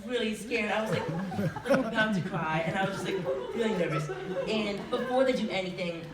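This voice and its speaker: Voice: medium pitch, a little fast, a loud crowd. Teen student, live storytelling, chatty with lots of fillers; distant mic, echoey auditorium. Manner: chatty, many filler likes. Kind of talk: live true-story telling. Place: school auditorium with audience. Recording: roomy hall, distant mic, noisy. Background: audience laughter.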